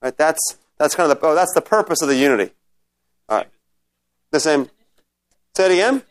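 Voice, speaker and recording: A man's voice: fairly high pitch, expressive, fairly quick. A man teaching a Bible study class in a conversational way, often checking in with his listeners and restarting his sentences.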